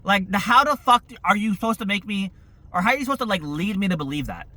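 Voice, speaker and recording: A young man giving a casual, profane, exasperated movie review, talking in an animated way. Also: high voice, fast talker.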